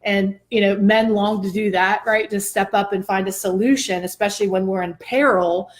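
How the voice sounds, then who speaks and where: A woman hosts a casual talk show and tells a personal story with plenty of animation. Her voice sits at an ordinary middle pitch, and she laughs easily as she goes. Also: moderate pace. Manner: animated, expressive, laughs often. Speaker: host.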